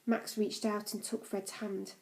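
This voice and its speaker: A woman reading a novel aloud in a calm, even storytelling manner. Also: mid-range voice, unhurried, creaky, slight background noise, low-quality recording. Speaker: audiobook reader.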